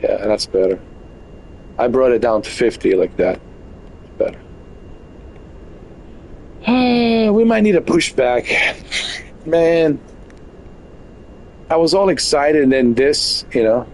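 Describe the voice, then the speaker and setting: A man's voice: mid-range voice, very animated, slow pace, long pauses, a little mellow, slight background noise, low-quality recording. A man giving casual, joking live commentary on a flight game from his bedroom, full of exaggerated mock complaints. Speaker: game streamer. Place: bedroom at home.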